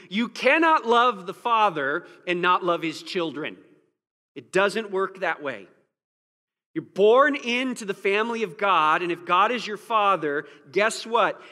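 A man's voice: high-pitched, pushed and bright, in a large hall. A man preaching a sermon to a congregation, pressing his points with rhetorical questions and rising emphasis. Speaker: pastor.

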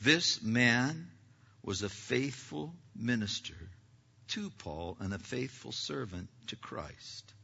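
A man preaching a sermon as pastor of his church, talking conversationally and swinging between loud passages and hushed ones. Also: medium pitch, expressive, takes it slowly, creaky, slightly rough. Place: church sanctuary. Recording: echoey hall, dull lo-fi sound.

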